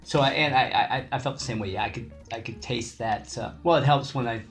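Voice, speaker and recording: A man's voice: mid-range voice, fairly quick, vocal fry, fairly bright tone, faint music behind. A man from Canada chatting as a guest taster, often hesitating and restarting his sentences. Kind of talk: casual chat.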